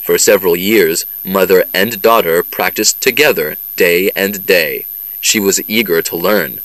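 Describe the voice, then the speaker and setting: Man, very low voice, slow measured reading, dry close sound. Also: fairly bright tone, no echo, rough recording. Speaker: narrator of a listening test. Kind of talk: scripted narration.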